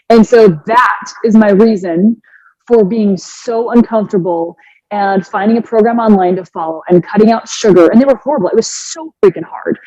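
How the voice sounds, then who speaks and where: A woman in her forties, a fitness coach, telling her personal story in an earnest, animated way with many restarts. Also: mid-range voice, no echo. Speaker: fitness coach and podcast guest. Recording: dry, slightly dull sound.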